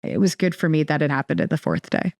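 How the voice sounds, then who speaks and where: A woman's voice: low-pitched, sing-song, quick pace, vocal fry, darkish tone, no room sound, studio quality. A woman guest telling a personal story in a casual interview, rambling with many restarts and fillers. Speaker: podcast guest.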